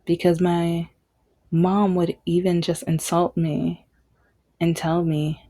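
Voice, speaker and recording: A woman's voice: lowish voice, level tone, slow, dark tone. A young adult woman vlogging, candidly and emphatically telling a personal story. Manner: candid, emphatic, acts out quoted dialogue.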